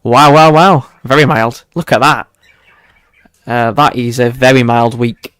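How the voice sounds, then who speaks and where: A man's voice: mid-range voice, fairly even intonation, measured pace, fairly bright tone, smooth, no room sound. Chatty man forecasting weather. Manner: chatty, self-mocking, chuckles often and talks to his viewers. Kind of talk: casual livestream weather forecast.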